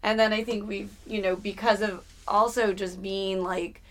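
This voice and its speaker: A woman musician being interviewed, talking in a relaxed, casual way that trails off softly at the ends of phrases. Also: mid-range voice, normal speed. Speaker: musician guest. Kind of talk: casual chat.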